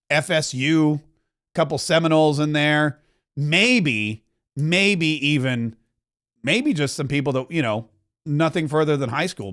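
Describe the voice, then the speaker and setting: A man from Florida hosts a political commentary podcast in a fairly high voice. He riffs loosely and mocks his subjects with sarcastic asides. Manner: mocking, riffing asides. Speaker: podcast host.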